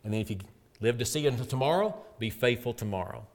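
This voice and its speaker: A man's voice: medium pitch, fast talker. Earnest man preaching a sermon. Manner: earnest, rising to emphatic peaks then dropping soft.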